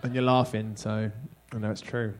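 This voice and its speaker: A man's voice: on the low side, flat delivery, moderate pace, faint music behind. A man from England with an English accent doing a stand-up comedy set, talking in a punchy, self-deprecating, conversational way.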